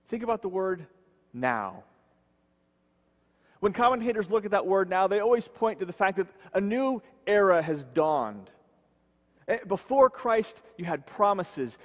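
A man preaching a sermon as pastor, earnest, slowing and dropping his voice low to stress key words. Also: long reverb tail. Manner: earnest, slows and drops low for emphasis.

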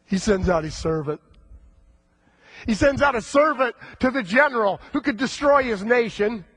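A male preacher telling a story in a sermon, animated and acting out the characters' voices. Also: very high voice, moderate pace, breathy edge, no room sound.

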